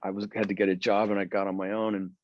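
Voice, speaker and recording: A man, a guitarist from the Philadelphia area, telling long animated stories in an interview with many restarts. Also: lowish voice, quick pace, muffled recording. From Philadelphia area, USA. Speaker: guest guitarist. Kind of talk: storytelling interview chat.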